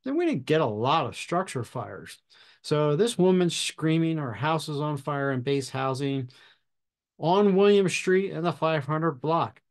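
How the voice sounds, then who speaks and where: Man telling a measured story. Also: fairly high pitch, very animated. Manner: measured, deliberate storytelling with pauses. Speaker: podcast host and fire officer instructor. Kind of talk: storytelling anecdote.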